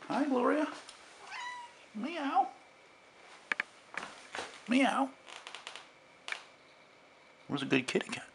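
A man putting on a very high cooing voice to talk to his cat. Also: sing-song, fast, creaky, noisy background, exaggerated voice.

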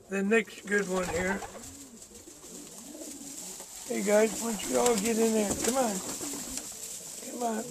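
A man giving a casual, easygoing vlog tour of his pigeon loft, chatting to the camera and coaxing his birds. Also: high-pitched. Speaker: pigeon breeder vlogger. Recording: noisy loft with birds cooing.

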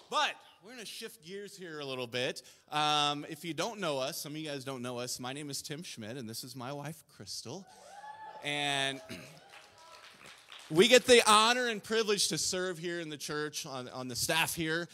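A man's voice: fairly high pitch, lively intonation, bright, forceful tone. Earnest man speaking in a church hall. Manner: earnest and emotional, halting with restarts. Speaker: church staff member. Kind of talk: casual address to congregation. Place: church sanctuary. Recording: long reverb of a church hall.

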